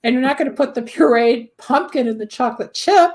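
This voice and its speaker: Chatty lady host, slightly high voice, walks through candle stuff with cooking comparisons. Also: brisk, a little mellow. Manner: chatty, explains with everyday examples. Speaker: host, candle magic practitioner. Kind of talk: casual talk show chat.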